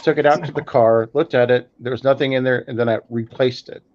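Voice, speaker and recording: A man's voice: medium pitch, steady tone, a little fast, dry recording. Rambling man on dull lo-fi audio. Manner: loose, rambling, filler-heavy. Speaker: podcast panelist. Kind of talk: casual storytelling chat.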